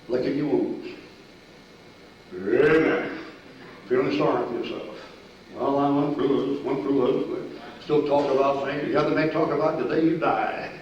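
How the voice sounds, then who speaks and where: An older man preaching a sermon, telling army stories in a folksy, animated way, with sudden shouts and laughs. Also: fairly high pitch, slight background noise. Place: church sanctuary. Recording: echoey distant church recording, dull and lo-fi.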